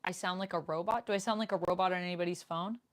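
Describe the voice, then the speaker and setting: A young woman with a slightly low voice hosts a relaxed live Q&A from a room at home. She talks into a desk microphone in a chatty way and reads her viewers' comments aloud. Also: fast. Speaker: streamer. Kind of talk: casual live Q&A chat.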